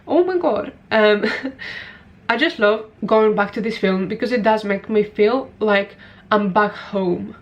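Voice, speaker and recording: A woman's voice: medium pitch, slow, dull audio. Emotional young woman gushing about films. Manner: gushing, emotional, tearful at times. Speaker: video essay creator. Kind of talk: emotional personal vlog.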